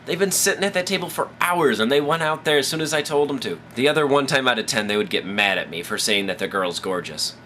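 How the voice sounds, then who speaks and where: A man's voice: medium pitch, expressive, fast, hardly any pauses, pushed and bright, slight background noise. A man hosting his own advice vlog, telling a rambling, profane story while drunk. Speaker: vlogger, host of his own show.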